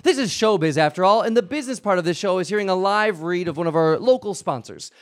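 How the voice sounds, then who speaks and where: A man's voice: high-pitched, quick pace. A man hosting a live improv comedy show, talking in a blustering way and stumbling into restarts. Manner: animated, blustering, stammering restarts. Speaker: show host.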